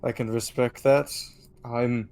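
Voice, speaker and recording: A man's voice: medium pitch, level tone, slow pace, gravelly, darkish tone. A man voicing a blunt female Viking paladin. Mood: plain.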